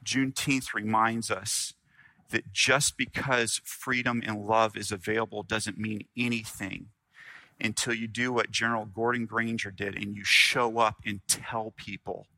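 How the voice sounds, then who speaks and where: Guy preaching a sermon, really bright sharp voice, goes loud then real quiet. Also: lowish voice, little pitch movement, vocal fry, no echo. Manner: earnest preaching, dramatic pauses, swings from loud to hushed. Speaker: pastor.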